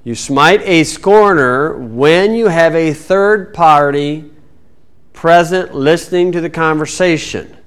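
A man's voice: on the high side, slow, smooth. A man teaching the Bible in a folksy sermon style, with sarcastic asides and mocking voices.

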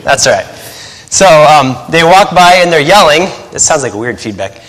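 A somewhat high-voiced male pastor preaches with long reverb ringing around him. He talks quickly by habit, reins himself in, and breaks into laughing asides between points. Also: very animated, a bit bright. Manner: fast-talking habit, deliberately slowing down; chatty, laughs at his own stories. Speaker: pastor and missionary. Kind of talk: sermon with joking asides.

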